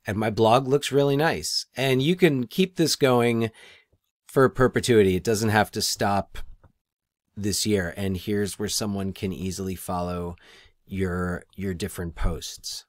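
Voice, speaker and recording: A man teaching his students in a screen-recorded tutorial, relaxed and thinking aloud as he clicks through the steps. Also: fairly low pitch, a little slow, no room sound, studio quality.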